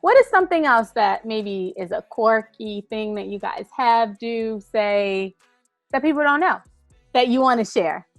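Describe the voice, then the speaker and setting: A bubbly woman interviewer poses light questions with a fairly high voice. The recording is dry and close, with no room sound. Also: animated, unhurried, no echo, soft background music.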